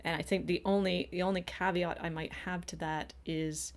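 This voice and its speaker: A woman's voice: on the low side, steady tone, normal speed. A middle-aged woman co-hosting a podcast, telling a personal story in an earnest, casual way with frequent restarts. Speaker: podcast co-host.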